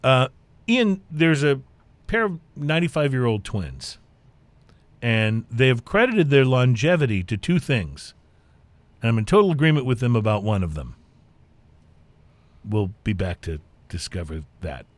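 A man's voice: mid-range voice, big pitch swings, normal speed, no echo. A man co-hosting a beer tasting show, chatting casually and rambling with lots of fillers. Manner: rambling, self-deprecating, many fillers. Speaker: co-host of a beer talk show. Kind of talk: casual chat.

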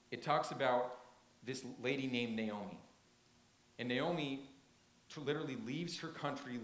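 A man preaching a sermon in a church, retelling a story with earnest emphasis and frequent restarts. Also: medium pitch. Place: church sanctuary. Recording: roomy echo.

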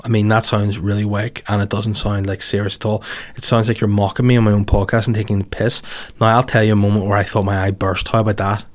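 A man's voice: on the low side, flat delivery, fast. A man in his thirties with a Northern Irish accent, hosting a casual podcast with brash, crude, self-mocking banter. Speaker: podcast host. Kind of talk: casual podcast chat and read ads.

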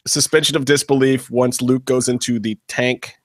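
A man's voice: medium pitch, little pitch movement, normal speed, no room sound, studio quality. A man co-hosting a live streamed show, chatting casually and joking around. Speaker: podcast co-host. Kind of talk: casual chat.

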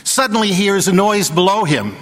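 Priest, male, homily delivery, slightly higher voice, long church reverb. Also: animated, fairly quick, fairly bright tone. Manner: storytelling homily with acted quotes. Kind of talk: sermon.

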